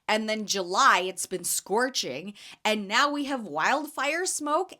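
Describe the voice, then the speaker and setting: Chatty bright-voiced woman podcaster. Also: fairly high pitch. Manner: chatty, animated storytelling with fillers. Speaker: podcast host and jam vendor. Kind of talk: casual chat.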